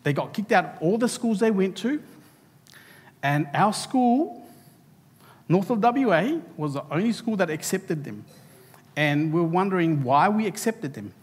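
A man's voice: sits high, very animated, a little slow, long pauses, breathy edge, long reverb tail. A man preaching a sermon to a church, speaking animatedly and turning to the children directly. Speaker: pastor. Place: church hall.

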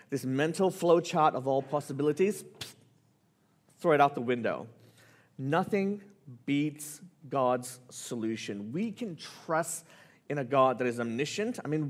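A man preaching a sermon, telling a personal story with lively, animated delivery that rises with excitement. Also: mid-range voice. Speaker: pastor.

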